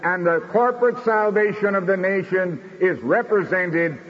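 A man preaching a sermon in a measured, declamatory way, slowing down for emphasis. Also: high-pitched, breathy edge. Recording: dull recording in a reverberant hall.

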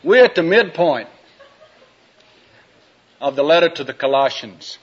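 A man preaching a sermon, telling a folksy story in a drawn-out, homespun way. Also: fairly high pitch, lively intonation, slightly rough. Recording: dull lo-fi recording.

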